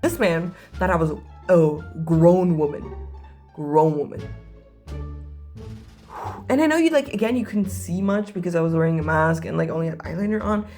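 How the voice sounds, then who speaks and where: A young woman telling a story in a casual vlog, animated and jokey with dramatic asides. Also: fairly low pitch, moderate pace, soft background music.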